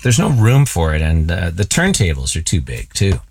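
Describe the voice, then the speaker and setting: Radio host guy rambling on, low voice that bounces around a lot, jokes about himself. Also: very animated, normal speed, a little hiss or hum. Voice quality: rambling, self-deprecating. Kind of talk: casual chat.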